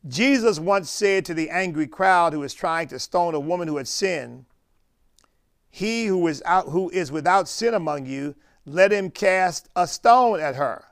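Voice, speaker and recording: Gravelly emphatic American preacher man. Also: fairly high pitch, expressive. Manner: emphatic, drawn-out stresses on key words. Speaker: pastor. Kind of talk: sermon.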